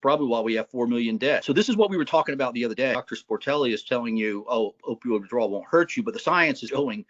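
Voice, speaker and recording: A man's voice: mid-range voice, animated, racing, few pauses, fairly bright tone, muffled recording. A man hosting a podcast, an emergency doctor, lecturing in a combative, mocking, emphatic way. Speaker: podcast host, emergency physician.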